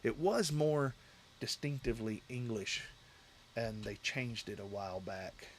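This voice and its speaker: A man's voice: medium pitch, a little slow, slight background noise. A man hosting a casual livestream, rambling and talking straight to his chat viewers from a home setup. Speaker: livestream host.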